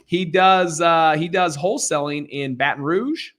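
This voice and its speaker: A man's voice: a little high, measured pace, fairly bright tone. A man hosting a live real estate Q&A stream, talking casually in an upbeat, joking, encouraging way over a video call.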